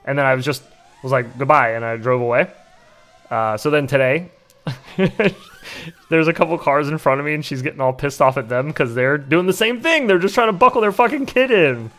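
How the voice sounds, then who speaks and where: A man's voice: fairly high pitch, a little fast, fairly bright tone. A man in his thirties hosting a casual livestream, telling a story with laughs and swearing. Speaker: livestream host.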